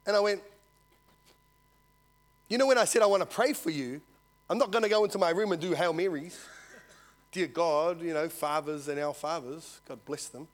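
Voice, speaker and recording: A man preaching a sermon, telling a story and swinging from loud to hushed. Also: fairly high pitch, normal speed, pauses often. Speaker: visiting preacher.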